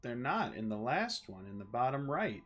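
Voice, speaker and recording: A man's voice: medium pitch, sing-song, moderate pace, a bit bright. A man playing a tabletop game, hesitant and full of ums as he talks. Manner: hesitant, lots of ums and restarts. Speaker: player. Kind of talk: casual play at a tabletop game.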